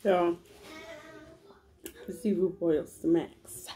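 A woman's voice: lowish voice, steady tone, very slow, dark tone. A woman vlogging a mukbang at home, chatting to her viewers as she eats and hums over her food. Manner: chatty, addresses viewers as y'all, smacks and hums while eating. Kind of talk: mukbang eating vlog, casual chat. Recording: noisy home recording. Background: a baby crying and household noise.

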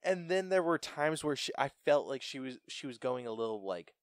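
Animated young man reviewing a film. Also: medium pitch, fairly quick, dry recording. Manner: animated, stumbles and laughs often. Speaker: podcast co-host. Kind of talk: casual film review chat.

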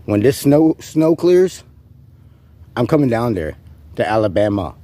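A man's voice: mid-range voice, sing-song, measured pace, warm tone. A man vlogging an in-character rant, rambling, profane and taunting an unseen rival.

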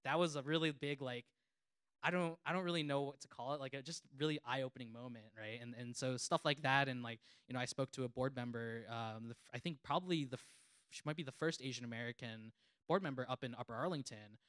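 A man's voice: mid-range voice, fast, fairly bright tone, smooth, no room sound. A man who works as a reporter, speaking on a panel in an earnest, rambling way that is full of fillers. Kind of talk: panel discussion.

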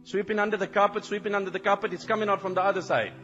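Man giving a sermon, high voice, repeats himself for emphasis, big hall echo. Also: very fast, lo-fi sound. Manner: animated, repeats phrases for emphasis. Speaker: preacher. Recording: long hall reverb, faint music.

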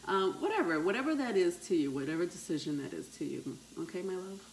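A woman giving a tarot reading to her viewers, unhurried and hesitant, with frequent ums, calling listeners "my love". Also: on the low side, lively intonation, a little hiss or hum, low-quality recording. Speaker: tarot reader.

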